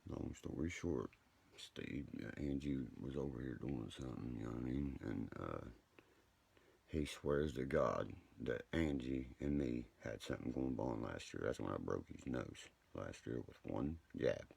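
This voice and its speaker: A man with an extremely low, gravelly voice rambles through a late-night livestream. His delivery is profane and meandering, with a husky, rough edge to every line. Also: unhurried, a little mellow.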